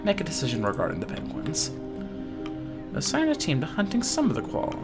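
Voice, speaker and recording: Excitable, swearing woman streamer. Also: very deep voice. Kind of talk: let's play commentary. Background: game music.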